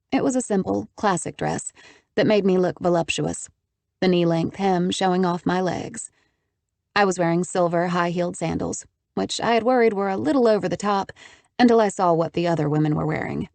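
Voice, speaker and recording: A woman narrating a first-person audiobook in an even, measured storytelling manner with wry asides. Her voice is lowish with a steady creaky fry at phrase ends. It is recorded dry and close, with no room sound. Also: no echo.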